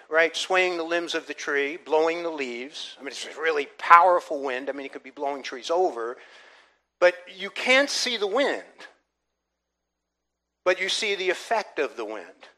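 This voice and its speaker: Bright, high-voiced male preacher. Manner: earnest preaching with repetitions and rising emphasis. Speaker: pastor. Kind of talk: sermon.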